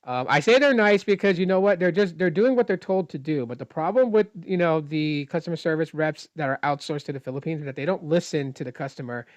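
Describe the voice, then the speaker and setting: Speaking quickly with few pauses, this high-leaning male voice comes through with no room sound and the highs cut off. He's an unhappy phone customer venting about a service call, replaying the exchange in his own voice and explaining the technical side at length with obvious exasperation.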